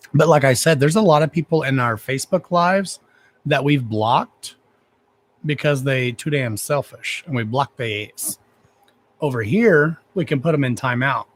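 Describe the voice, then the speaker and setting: A man's voice: mid-range voice, fairly bright tone. Guy ranting on a livestream, cussing a lot but sweet to his fans, talking into a phone or webcam. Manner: blunt, profane, affectionate toward viewers. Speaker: livestream host. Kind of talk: casual livestream chat.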